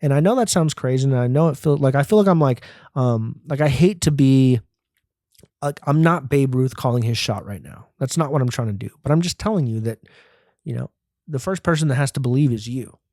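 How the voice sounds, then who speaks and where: A man's voice: mid-range voice, expressive, brisk, warm tone, dry recording, studio quality. Profane, rambling male comedian. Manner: profane, rambling, self-mocking. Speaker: comedian and podcast host. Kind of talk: casual solo comedy rant.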